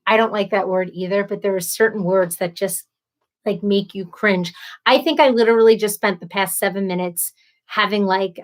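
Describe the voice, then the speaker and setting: Hosting an informal live stream, a woman in her thirties vents in an animated, exasperated way. She has a medium-pitched voice and dramatizes the people she quotes.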